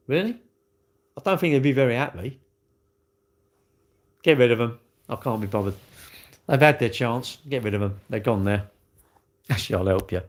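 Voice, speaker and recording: A man's voice: medium pitch, expressive, moderate pace, long pauses. A man, chatting casually to viewers as a livestream host, rambling and repeating himself in a blunt, chatty way. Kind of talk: casual chat to live viewers.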